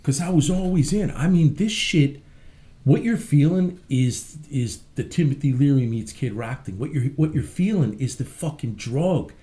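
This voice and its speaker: A man being interviewed as a guest, animated and swaggering, who curses freely as he tells his stories. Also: fairly high pitch, normal speed. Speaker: guest, country rapper. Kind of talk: casual interview storytelling.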